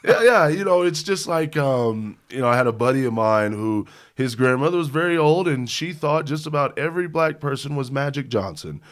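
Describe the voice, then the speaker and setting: Male podcast co-host, casual and animated, quick to laugh mid-story. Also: mid-range voice. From Indiana. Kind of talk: casual sports podcast chat.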